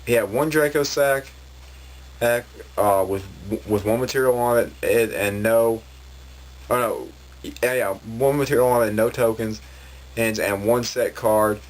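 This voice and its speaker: A man's voice: medium pitch, unhurried. A man ranting in a vlog, rambling and frustrated, with many restarts. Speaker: vlogger.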